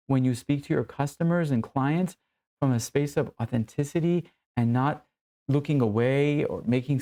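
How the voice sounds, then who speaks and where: An earnest male coach speaks straight to the viewer in a mellow, warm voice, close and personal. He slows on key phrases to let them land. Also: a little high. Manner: earnest, intimate, addresses viewer as brother. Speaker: men's coach. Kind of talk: direct-to-camera coaching monologue.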